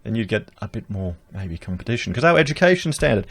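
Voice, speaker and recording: A man's voice: lowish voice, very animated, fairly quick, gravelly. An Australian man giving emphatic, rhetorical political commentary to his viewers, reading out news and reacting to it, recorded close on a podcast mic. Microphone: podcast dynamic mic.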